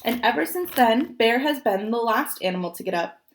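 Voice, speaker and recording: A young woman reading a picture book aloud, gentle and expressive, pausing to point at the pictures. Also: on the high side, a little hiss or hum. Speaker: storybook reader.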